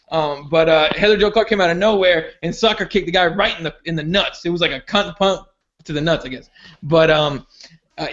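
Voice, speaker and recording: Sex: man. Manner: loose, chatty. Pitch: high. Audio: lo-fi. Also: fairly bright tone. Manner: loose, chatty and giggly storyteller. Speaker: podcast co-host. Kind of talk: casual profane sports chat. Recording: muffled lo-fi audio.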